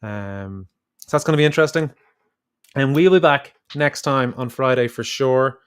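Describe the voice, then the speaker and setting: A young Irish man co-hosting a casual podcast chat, talking through his thoughts in an easygoing way. His voice is smooth and clear, sitting at a middling pitch. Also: moderate pace. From Ireland. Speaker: podcast co-host.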